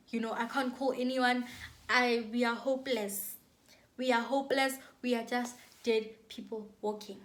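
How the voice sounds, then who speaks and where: Animated young South African woman, higher voice. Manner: animated, dramatic retelling with repetitions and acted-out quotes. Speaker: YouTuber. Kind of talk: storytime vlog.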